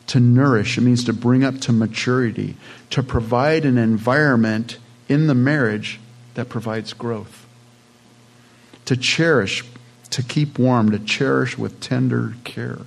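A man's voice: mid-range voice, steady tone, a little slow, creaky. Conversational male pastor preaching. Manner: conversational, plain-spoken preaching with asides. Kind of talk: sermon.

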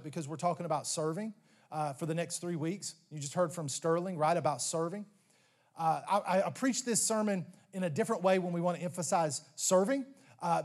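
Preaching as a pastor, a man delivers an animated sermon that swings from loud, emphatic lines to low, slow ones, and he stammers and restarts at times.

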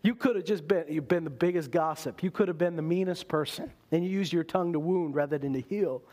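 Animated male preacher, fairly high voice. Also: brisk. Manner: animated, swings between loud emphasis and quiet intensity. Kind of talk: sermon.

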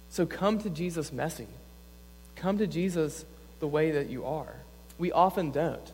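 Here a young adult man who works as a campus pastor preaches in an earnest, chatty manner, leaning on "like" a lot. His pitch is fairly high, with slight background noise. Long church-hall reverb surrounds him.

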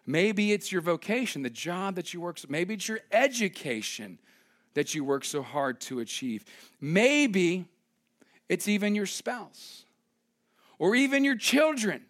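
A man's voice: high voice, a bit bright. A young man preaching a sermon as pastor, conversational and emphatic, joking with his congregation.

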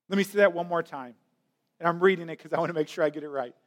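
A male pastor delivers a sermon in a fairly high voice. He speaks earnestly and slows down deliberately on his main points. He often repeats a word as he restarts a phrase. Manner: earnest, slows down to stress key lines, repeats words.

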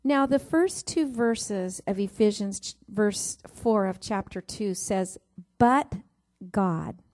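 A woman's voice: medium pitch, slow. A middle-aged woman preaching a sermon, reading scripture and telling a family story, stressing each verse number. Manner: warm storytelling with Bible reading, rising emphasis on verse numbers.

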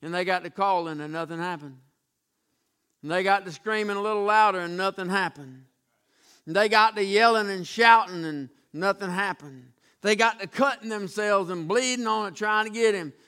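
A man's voice: high-pitched, normal speed, pushed and bright, smooth. A man preaching a sermon emphatically, often restarting words and calling out to his congregation.

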